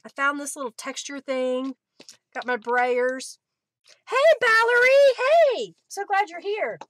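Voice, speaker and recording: A woman's voice: high voice, expressive, measured pace, slight background noise. A woman hosting a casual crafting livestream, chatting, laughing often and greeting viewers by name. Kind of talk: casual live-stream chat while crafting.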